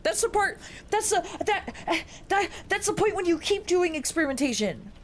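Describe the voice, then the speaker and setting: A woman streamer reading aloud and chatting on a live stream, excitable and incredulous, with casual swearing. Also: very high-pitched, moderate pace, slight background noise.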